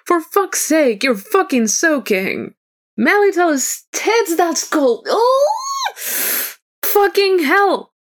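A woman reading a fan story aloud, voicing a fussy male bard who squalls and scolds in a high, loud voice. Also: expressive, measured pace, few pauses. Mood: squalling.

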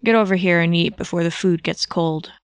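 A woman reading a fan story aloud, voicing a gruff, exasperated, fatherly older male mentor in a low, grumbling tone. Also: fairly even intonation, brisk, dry recording, lightly acted.

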